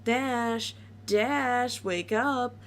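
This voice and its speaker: A woman voicing a cheerful but sadistic female pony who talks fast and scolds with chirpy menace. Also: a little high, a little hiss or hum, pitched above the performer's own voice.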